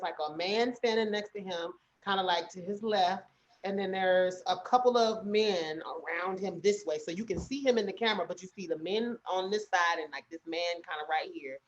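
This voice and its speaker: A woman's voice: lowish voice, highs cut off. A woman co-hosting a podcast, telling a story in casual chat and acting out the people in it. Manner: animated storytelling with quoted voices. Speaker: podcast co-host.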